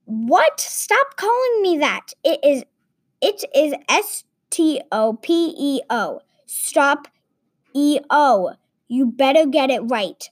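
A woman's voice: high voice, lively intonation, unhurried. A woman voicing a gloating cackling villain. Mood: indignant. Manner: loud, cackling threats. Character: boastful male villain leader, gloating.

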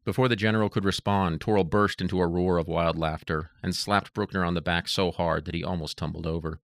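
A man narrating an audiobook in a steady, even reading voice. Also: deep voice, fairly quick, vocal fry, dry recording.

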